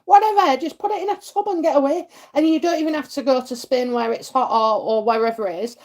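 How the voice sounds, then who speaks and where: A middle-aged woman with a Yorkshire accent, hosting a live psychic stream and chatting warmly with viewers between comments, full of fillers and endearments. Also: sits high, quick pace. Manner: chatty, many fillers, laughs, calls people darling and lovely. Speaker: psychic reading host.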